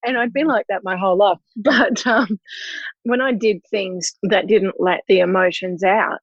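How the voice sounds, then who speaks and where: A woman's voice: mid-range voice, moderate pace, no echo. A woman, a guest speaking openly and reflectively in an interview. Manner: open, reflective, emotional. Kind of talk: candid conversational interview. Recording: dull, dry lo-fi audio.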